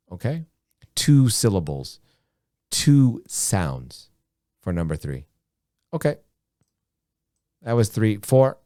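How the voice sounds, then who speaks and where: A man teaching a beginner English lesson, speaking slowly and deliberately, repeating words and often saying "okay". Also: on the low side, dark tone, no echo, studio quality. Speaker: ESL teacher.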